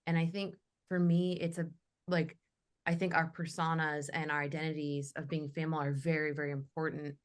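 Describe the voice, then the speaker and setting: A young woman with a notably low speaking voice talks passionately on a casual panel. She tells her stories with animation and lets her feelings show. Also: level tone, brisk. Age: young adult. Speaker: guest, metal vocalist.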